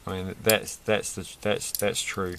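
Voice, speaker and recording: A man's voice: low-pitched, level tone, unhurried, noisy background. A man rambling through a toy build with self-mocking, off-the-cuff commentary, laughing at his own jokes. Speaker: toy reviewer building a set.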